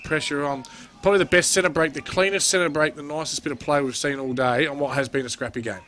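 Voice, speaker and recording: Australian man, play-by-play commentator, slightly high voice, faint ground noise behind. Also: fast talker. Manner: chatty, jokey, excitable on goals. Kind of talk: amateur sports commentary.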